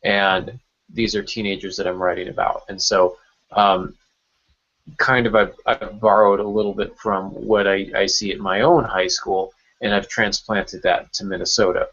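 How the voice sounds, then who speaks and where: A man's voice: lowish voice, steady tone, normal speed, fairly bright tone. A man who writes novels, co-hosting a casual podcast chat, hesitant with many fillers and restarts, over muffled call audio.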